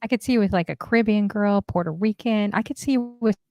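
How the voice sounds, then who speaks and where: A woman co-hosting a casual dating talk stream, chatting and telling stories in an animated way. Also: medium pitch, fast talker, dry recording. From half Indian. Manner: chatty, animated storytelling with laughs. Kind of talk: casual chat.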